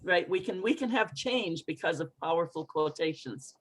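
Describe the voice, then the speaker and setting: A woman's voice: fairly low pitch, moderate pace, slightly rough, rough recording. Encouraging female pronunciation coach. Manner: expressive, encouraging, models phrases for repetition. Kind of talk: online group pronunciation lesson.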